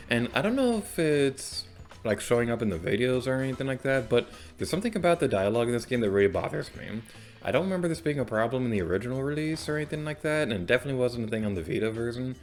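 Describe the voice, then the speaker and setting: A young man hosting a let's play, rambling casually and self-deprecatingly about the game as he plays. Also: mid-range voice. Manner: chatty, rambling, self-deprecating, sudden loud outbursts. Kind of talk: casual gameplay commentary.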